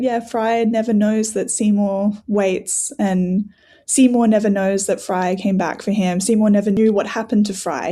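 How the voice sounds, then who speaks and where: A woman guest on a podcast, telling stories with animation and frequent "like" fillers. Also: mid-range voice. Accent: non-American English. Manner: animated storyteller, laughs often, filler "like". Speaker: guest scholar. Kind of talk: casual conversational interview.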